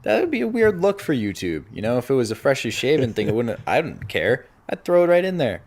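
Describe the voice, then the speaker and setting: A man's voice: medium pitch, brisk, creaky. A young man co-hosting a podcast, telling a story in casual chat and laughing as he goes. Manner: animated storyteller, laughs through his own story. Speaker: podcast co-host.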